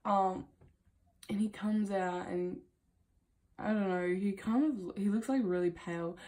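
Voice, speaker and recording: Mellow-voiced woman rambling through a storytime. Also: mid-range voice, a little slow. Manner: rambling and chatty, laughs often, swears casually. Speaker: vlogger. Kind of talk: casual storytime monologue.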